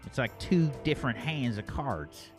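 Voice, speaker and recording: A man's voice: mid-range voice, big pitch swings, normal speed, soft background music, lightly acted. Guy doing a southern blackjack dealer, chatty and rambly. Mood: advising. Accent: American Southern.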